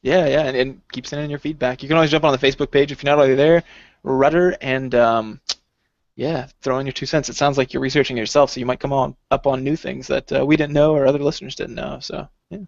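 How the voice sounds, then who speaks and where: A man co-hosting a podcast in casual chat, animated and rambling, laughing a lot. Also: medium pitch, fast, vocal fry, dry recording. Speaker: podcast co-host. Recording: dull lo-fi sound.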